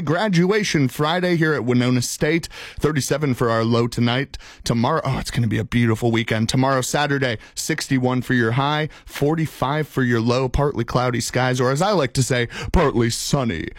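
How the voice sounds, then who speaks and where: A man's voice: medium pitch, no echo. A man chats casually as a fill-in host on college radio. He is upbeat and rambling, with a mid-range voice. The studio sound is dry and close. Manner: upbeat and rambling, with laughs and restarts.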